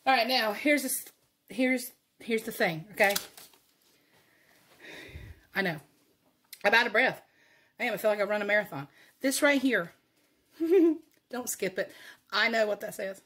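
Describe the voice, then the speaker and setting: A woman with a Southern American accent talks through a home recipe in an easy, folksy way, laughing often. Her pitch sits in the middle for a woman. Faint kitchen noise, with dishes and utensils clinking, runs under her voice. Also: a bit bright. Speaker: cooking channel host. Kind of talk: casual cooking demonstration.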